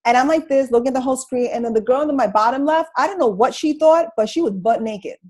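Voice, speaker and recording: A middle-aged woman telling her story on a video call, in a comical, slangy, animated way. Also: sits high, quick pace, low-quality recording. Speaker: guest speaker sharing her story. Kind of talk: casual motivational talk on a video call.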